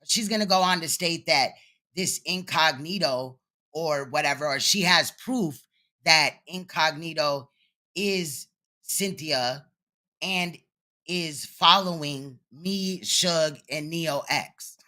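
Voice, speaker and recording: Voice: mid-range voice, slow, sharp tone. A commentator reacting to a livestream clip with blunt, sarcastic and profane remarks.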